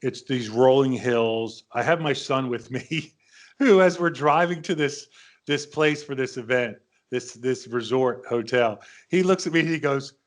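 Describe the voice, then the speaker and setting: A middle-pitched man in his fifties tells a story as a podcast host, loose and conversational. He circles back, restarts his sentences and voices the other people in the story as he goes. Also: measured pace. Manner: rambling anecdotes with quoted dialogue, frequent restarts. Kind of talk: casual storytelling.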